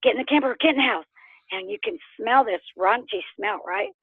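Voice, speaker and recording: A woman from Oklahoma telling her story as an interview guest in casual storytelling, animated and laughing, acting out what others said. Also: high voice, a little fast, vocal fry, breathy edge, no room sound. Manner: animated, laughs often, acts out quotes. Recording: tinny phone line.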